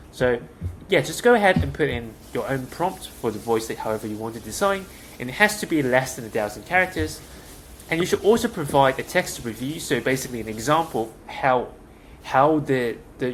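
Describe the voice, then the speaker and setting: A young man casually talking through a software demo, loose and chatty with many fillers, recorded at a desk mic. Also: mid-range voice. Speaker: tech tutorial host. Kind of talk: casual screen-share walkthrough. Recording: noisy background with keyboard clicks.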